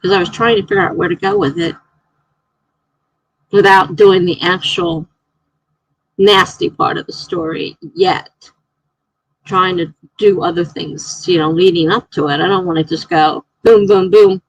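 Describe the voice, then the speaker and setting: A chatty woman running a writing livestream, her voice gravelly with a husky edge. She laughs a lot, thinks out loud and reads comments to her viewers. The sound is dry and close. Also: lowish voice, unhurried, pauses often, no room sound, low-quality recording. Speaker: writer hosting a livestream. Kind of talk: casual livestream chat, reading viewer comments aloud.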